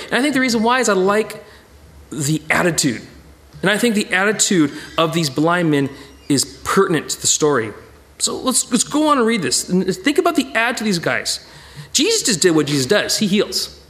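Animated, lively-pitched man teaching scripture. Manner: animated, acts out quoted voices, stammers and repeats words. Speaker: Bible study teacher. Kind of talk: expressive Bible teaching.

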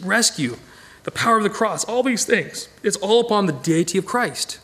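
A man teaching a casual Bible study, animated and digressive, chuckling as he goes. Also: sits high, normal speed.

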